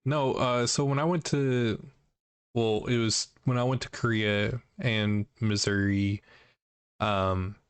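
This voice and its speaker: A man's voice: fairly low pitch, fairly even intonation, slow, clean tone, no echo. A man from Oregon, a podcast co-host, chatting easily, slurring some words and clipping others. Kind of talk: casual chat. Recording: dry close sound.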